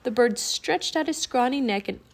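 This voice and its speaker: Woman audiobook narrator, children's fiction, clear, expressive. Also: fairly high pitch, moderate pace.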